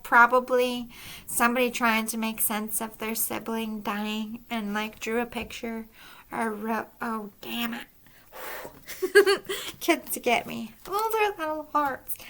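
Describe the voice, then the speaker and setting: A woman's voice: on the high side, a bit bright, poor audio. Chatty, emotional woman giving a psychic reading. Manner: chatty and emotional, says "like" often, laughs often. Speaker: psychic medium. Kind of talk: casual spoken reading.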